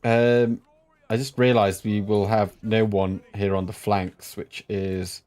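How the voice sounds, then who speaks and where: Guy streaming a strategy game, slow drawl, lowish voice, chats with chat and yelps now and then. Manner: chatty, talks to stream chat between sudden excited outbursts. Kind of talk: live gameplay commentary.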